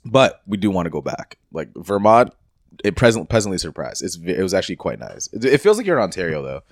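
A man with a low voice talks quickly, and his pitch jumps around as he chats on a podcast. He swears casually and often lets his sentences drop off quietly. The sound is dry and close to the mic. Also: dry recording. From Canada. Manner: fast, animated, swears freely, trails off quietly. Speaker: podcast co-host. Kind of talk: casual chat.

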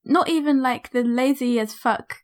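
Chatty woman, slightly high voice. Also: normal speed. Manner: rambling, lots of fillers and asides. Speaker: podcast co-host. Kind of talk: casual book-club chat.

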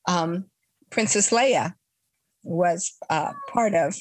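A woman's voice: fairly low pitch, takes it slowly, no echo. An older woman, a guest in a casual chat, talking expressively and trailing off in broken phrases.

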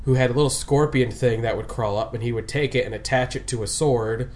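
A man's voice: mid-range voice, brisk, a little mellow. Rambling, laughing man chatting casually. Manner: rambling, laughs often, restarts. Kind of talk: casual fan chat.

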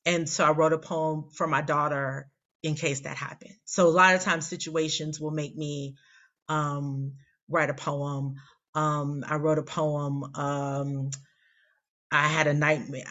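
A woman's voice: low-pitched, a bit bright, dull audio. A woman in her forties, a poet guest telling a rambling, candid, self-deprecating story in casual interview chat. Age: 40s.

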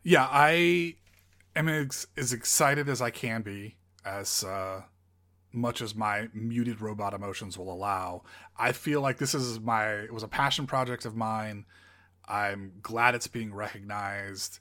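Playful, deadpan male podcast host. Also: on the low side, measured pace. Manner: playful, deadpan role-play questions. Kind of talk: casual comedic film chat.

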